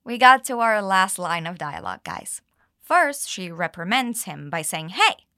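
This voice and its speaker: A woman teaching English, explaining dialogue lines and modeling them slowly for learners to repeat. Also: fairly low pitch, sing-song, pushed and bright, no echo, studio quality. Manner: clear, slow modeling of phrases with exaggerated intonation. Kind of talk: English lesson with repeat-after-me drills.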